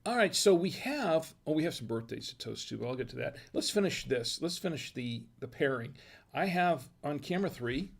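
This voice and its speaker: A man hosting a home wine and cheese tasting, talking casually and thinking aloud with restarts and quiet asides. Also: a little high, lively intonation, normal speed, gravelly, breathy edge. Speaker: host of a wine tasting show.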